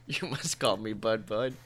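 A man doing a low, flat, mumbling voice for a mopey, deadpan young man who talks only about games. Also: slow pace, slight background noise.

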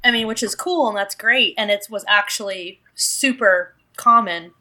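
A woman's voice: medium pitch, normal speed, bright, forceful tone. A woman co-hosting a casual podcast, chatty and inquisitive about whiskey. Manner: chatty, inquisitive, laughs easily. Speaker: podcast co-host, whiskey enthusiast.

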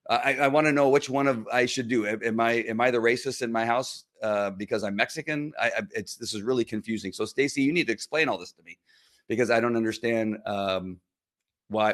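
A man ranting straight to the camera, sarcastic, speaking to a critic by name with many restarts. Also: mid-range voice. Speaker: social media commenter. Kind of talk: direct-to-camera rant.

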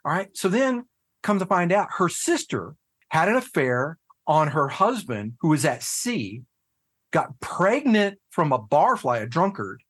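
A man talking casually on a podcast, telling a personal story with lots of swearing and sudden jumps into shouted disbelief. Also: fairly high pitch, very animated, unhurried, husky. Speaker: guest, head of a fathers' nonprofit.

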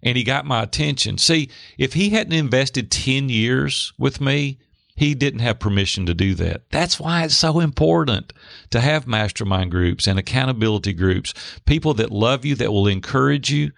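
A middle-aged man telling a personal story in an interview, lively, acting out the voices of the people in it. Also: medium pitch, normal speed, gravelly, no echo. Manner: animated, acts out quoted voices. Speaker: guest. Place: Hendersonville near Nashville.

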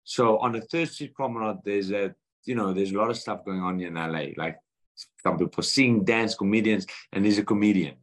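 South african guy in his thirties, kinda low voice, telling a heartfelt story on a podcast, does all the voices himself. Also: moderate pace. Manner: earnest, animated retelling with quoted dialogue. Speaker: guest boxer.

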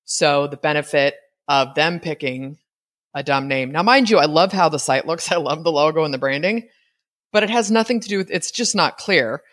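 Chatty, candid woman hosting a podcast. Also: low voice. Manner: candid, chatty and lively, with quick laughs and asides; spells words out letter by letter. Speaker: podcast host. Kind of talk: solo podcast commentary.

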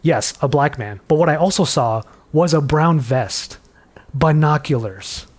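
An American man talking in a lively, casual conversation, laughing now and then. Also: fairly high pitch, a little slow. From United States. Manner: animated, laughing asides. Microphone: headset.

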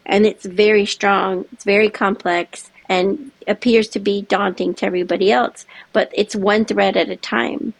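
A middle-aged woman chatting as an interview guest, animated and laughing often. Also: mid-range voice, normal speed, vocal fry, hardly any pauses, no echo. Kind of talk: casual chat.

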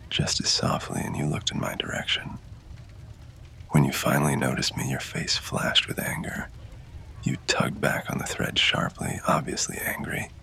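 A man narrating in first person as a winged fae lover, in a whispered role-play with close, intimate, breathy delivery. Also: rumbling low, pushed and bright.

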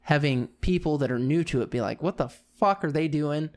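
A man's voice: a little high, brisk, a little mellow. A middle-aged man co-hosting a podcast, telling stories in a casual, amused way and often repeating himself. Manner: storytelling, amused, repeats "I'm like". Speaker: podcast co-host. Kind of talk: casual chat.

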